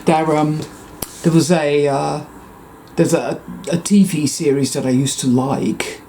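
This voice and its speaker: A man's voice: on the high side, fairly even intonation, measured pace, dark tone, slight background noise. A man talking in a rambling personal monologue, swearing a lot and often cutting himself off mid-thought. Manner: profane, digressive, frequent self-interruptions. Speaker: vlogger.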